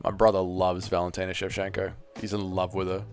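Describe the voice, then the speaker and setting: A man hosting a live fight watch party, giving blunt, excitable casual commentary, swearing freely and reading chat. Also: low-pitched, brisk, faint music behind.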